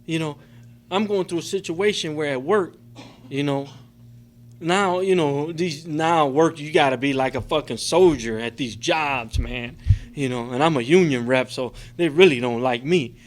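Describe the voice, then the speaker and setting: A middle-aged man at a recovery convention gives an emotional, profane personal testimony in a meeting room, rambling and filling with "man" and "you know." His voice is on the high side, at normal speed.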